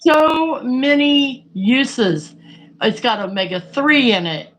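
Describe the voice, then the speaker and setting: A woman's voice: sits high, slow pace, fairly bright tone, low-quality recording. A woman chatting casually and frankly, rambling through a story with lots of fillers. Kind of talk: casual chat.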